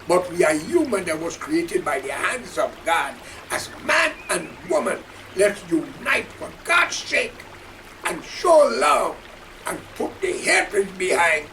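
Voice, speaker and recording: A man with a Guyanese accent delivering an impassioned political rant, fiery and preaching, often shouting. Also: high voice, big pitch swings, slow pace, gravelly, far from the mic, slight background noise. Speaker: political commentator.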